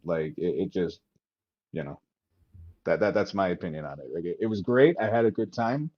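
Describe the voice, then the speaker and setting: Male co-host, lowish voice, dull lo-fi sound, animated and swearing, trails off. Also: normal speed. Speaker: podcast co-host. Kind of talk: casual podcast chat.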